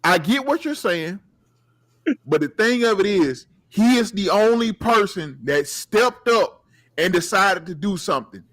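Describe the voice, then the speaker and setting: A man's voice: sits high, animated, a little slow, fairly bright tone. A man co-hosting a gaming podcast, pushing back in a reasoning, conciliatory way in casual chat. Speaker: podcast co-host.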